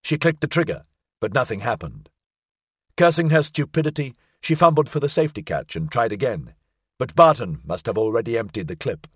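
A man reading a suspense story aloud, his voice slightly husky and his pitch moving in lively rises and falls. The recording is close and dry, and the pacing holds the tension steady. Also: a little fast, no room sound. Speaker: audiobook narrator. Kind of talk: scripted narration.

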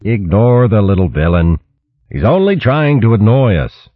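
A man voicing a steady young warrior mouse who speaks calmly and firmly. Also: lowish voice, normal speed, dry recording, phone-quality sound, voice pushed up.

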